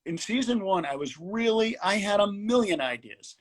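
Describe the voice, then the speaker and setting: A man's voice: high voice, animated, moderate pace. A middle-aged man, a comedy writer, telling a story in casual chat on a video call, acting out quotes and laughing along.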